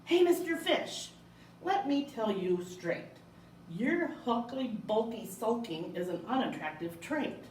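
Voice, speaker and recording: A woman's voice: a little high, animated, a little slow, a little mellow, a little hiss or hum. A woman voicing a blunt octopus who speaks straight in a storybook reading. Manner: blunt, matter-of-fact reading. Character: blunt octopus with eight great arms. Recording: echoey room, mic far off.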